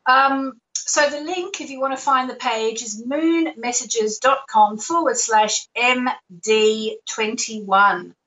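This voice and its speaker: A woman's voice: on the high side, slow, few pauses, pushed and bright, recorded from a distance, muffled recording. A woman hosting an astrology call-in show, talking in a chatty, reassuring way and sometimes correcting herself.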